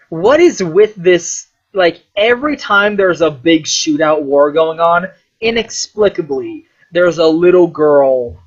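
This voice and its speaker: A man rambling casually about a film, full of fillers and swearing, animated as he goes. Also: a little high, lo-fi sound. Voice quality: filler-heavy, profane, animated. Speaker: vlogger reviewing a film.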